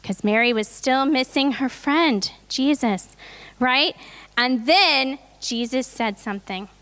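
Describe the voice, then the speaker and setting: A woman's voice: high voice, slow, a bit bright. A woman leading a children's Easter reenactment in a church, upbeat and coaxing as she directs the kids into place. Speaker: children's presentation leader.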